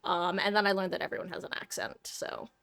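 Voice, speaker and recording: A woman's voice: fairly low pitch, a little fast, vocal fry, a bit bright, clear, resonant tone, no echo. A young adult woman from Southern California, streaming and chatting casually with viewers in a rambling, self-deprecating way with casual swearing.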